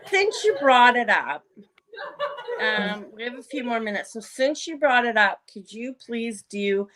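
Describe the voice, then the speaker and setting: A woman's voice: on the high side, big pitch swings, a little slow, fairly bright tone. A woman hosting a casual interview, asking questions in a teasing, playful way. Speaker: host.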